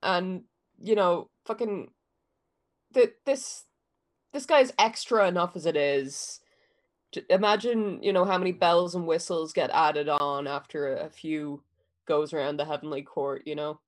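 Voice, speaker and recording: A woman co-hosting a podcast in casual chat, swearing freely and tripping over quick restarts. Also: fairly low pitch. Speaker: podcast co-host.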